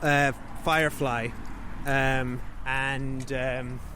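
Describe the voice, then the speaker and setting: A man's voice: medium pitch, flat delivery, very slow, pushed and bright, slight background noise. A man co-hosting a podcast, chatting casually about a movie and searching aloud for his words. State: parent. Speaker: podcast co-host. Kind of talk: casual film review chat.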